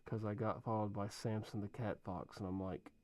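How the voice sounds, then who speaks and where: A man's voice: on the low side, level tone, moderate pace, mellow. A young man streaming live, chatting casually with viewers and reading out usernames in a rambling way. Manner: chatty, rambling, talks to chat and reads usernames. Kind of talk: casual livestream chat. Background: faint music.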